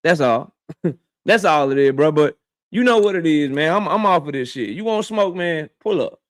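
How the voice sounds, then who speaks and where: A man's voice: fairly high pitch, expressive, moderate pace, no echo, clean studio sound. A man hosting a boxing channel, delivering a confrontational, profane commentary rant aimed straight at his target and repeating his points for emphasis. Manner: addresses his target directly.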